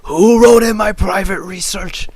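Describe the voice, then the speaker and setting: A man voicing a deranged, paranoid male mage with a raspy voice, yelling accusations. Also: high voice, unhurried, no echo, pitched above the performer's own voice. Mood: frantic.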